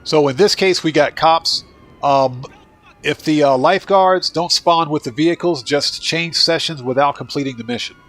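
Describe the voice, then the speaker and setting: A man's voice: fairly high pitch, moderate pace. A man with a congested, fading voice hosting a gameplay livestream, chatting casually with viewers and thanking them by name. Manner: relaxed, talks to chat and thanks viewers by name. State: congested and losing his voice. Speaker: livestream host, gamer.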